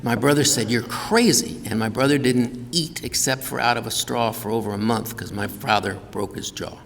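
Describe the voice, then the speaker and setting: A man's voice: medium pitch, gravelly, a little hiss or hum. A man giving a humorous keynote talk, telling family stories and acting out relatives in quoted voices. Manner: animated, acts out family members in quoted voices. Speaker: keynote speaker. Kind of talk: humorous personal storytelling. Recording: reverberant hall.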